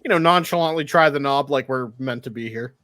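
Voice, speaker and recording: A man's voice: medium pitch, fairly quick, a bit bright. A man playing a tabletop game, wry and laid-back. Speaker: player. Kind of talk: casual tabletop play.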